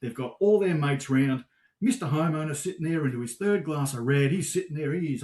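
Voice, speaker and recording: An Australian man answering interview questions casually, lively and animated, getting worked up as he tells stories. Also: fairly high pitch, a little fast. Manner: animated storyteller, gets worked up. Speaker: guest, supplier sales manager.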